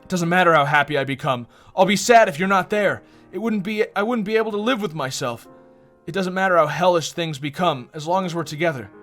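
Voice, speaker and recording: A man voicing a devoted, anxious young woman who pleads in a high, strained voice. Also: brisk, a bit bright, soft background music. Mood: pleading.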